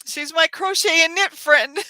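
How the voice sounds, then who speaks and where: A woman hosting a live stream for her yarn craft channel, tearful and crying, talking in a halting, sighing, apologetic way. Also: extremely high pitch, bright, forceful tone, no echo.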